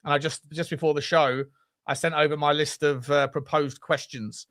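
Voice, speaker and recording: A man co-hosting a casual football podcast, chatty and laughing often as he reads out viewer shout-outs. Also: on the high side, steady tone, moderate pace, no room sound, clean studio sound. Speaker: co-host.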